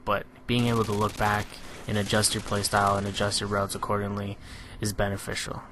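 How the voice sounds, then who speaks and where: A man giving a relaxed, analytical voice-over on his own competitive match, filling pauses with "you know". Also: lowish voice, a little hiss or hum. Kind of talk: gameplay commentary voice-over.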